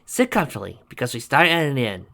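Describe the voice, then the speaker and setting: A reader voicing a patient, bookish young woman running a tabletop game, calm and measured. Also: medium pitch, creaky.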